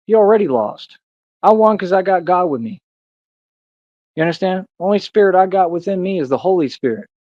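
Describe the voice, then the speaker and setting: A man with a slightly higher-than-average voice rambles through a livestream monologue, boastful and preachy, lecturing his viewers. The audio is dull and lo-fi, with a dry, close sound and no room echo. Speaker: livestream host.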